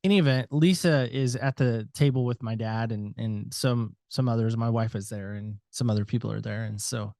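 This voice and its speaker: A man's voice: medium pitch, moderate pace, creaky, hardly any pauses, no echo, studio quality. Middle-aged man telling a personal story. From United States. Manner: animated, reenacts dialogue, frequent "so anyway" asides. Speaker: podcast guest.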